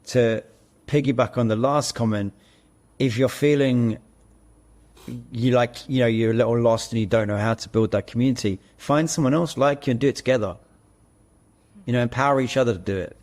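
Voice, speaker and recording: Guy on a podcast, medium pitch, earnest, rambles through long stories. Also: fairly quick, darkish tone. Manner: earnest storyteller, talks in long run-on explanations. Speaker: guest, co-founder of an audition platform. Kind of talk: casual podcast conversation.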